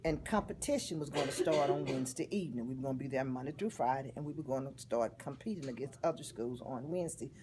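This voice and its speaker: A woman, telling a personal story in an interview in a heartfelt, expressive way. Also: very deep voice, quick pace, few pauses, very noisy. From Texas. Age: 50s.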